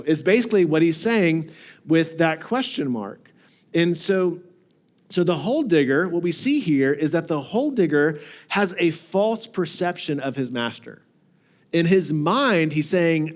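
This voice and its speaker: A man pastor giving a sermon in a relaxed, conversational way, often acting out the voices of the people in the story. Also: on the high side, moderate pace. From United States. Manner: conversational preaching, acts out quoted voices. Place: church sanctuary.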